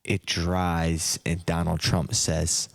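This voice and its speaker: A man giving a parody sleep hypnosis narration, speaking softly and slowly in the second person. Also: deep voice, completely flat delivery, gravelly. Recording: long hall reverb.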